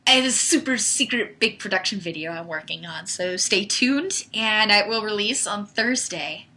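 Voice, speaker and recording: Animated and pushed, her bright mid-range voice moves at a normal pace. The young woman is hosting a relaxed livestream and chatting through viewer questions, peppering her answers with "like" and "um."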